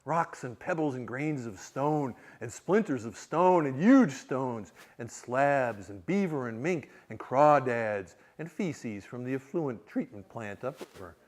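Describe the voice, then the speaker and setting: A man reading aloud as a talking river, listing what flows through it in a slow, rolling way. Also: medium pitch, lively intonation, close to an everyday voice. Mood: musing. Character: ancient talking river, calm and teeming.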